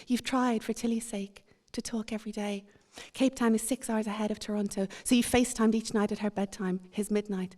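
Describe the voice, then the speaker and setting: A woman giving a measured, introspective literary reading at a seminar. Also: mid-range voice, steady tone, darkish tone. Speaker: author reading.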